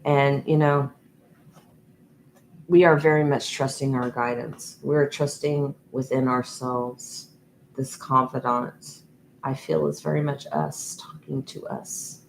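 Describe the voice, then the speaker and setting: Slow, meandering woman reading tarot cards. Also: extremely low pitch, steady tone, vocal fry, slight background noise, low-quality recording. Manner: slow, meandering, with many ums and restarts. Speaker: tarot reader. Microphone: USB microphone.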